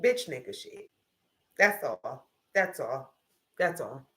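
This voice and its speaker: Woman commentator, bright tone, roomy sound; blunt, opinionated, profane. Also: rumbling low, big pitch swings, slow pace. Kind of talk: casual reaction commentary.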